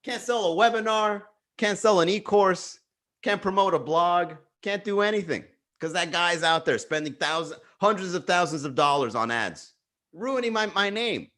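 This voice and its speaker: A man's voice: high-pitched, normal speed. Man ranting casually on a livestream. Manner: animated, profane ranting, reads chat aloud. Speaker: livestream comedy host.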